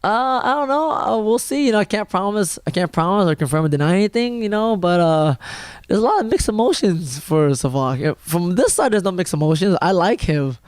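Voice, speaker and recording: A man's voice: high voice, animated, brisk, smooth, no room sound. A young man, a fighter, answering interview questions in a rambling, filler-heavy way at a gym. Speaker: mixed martial arts fighter.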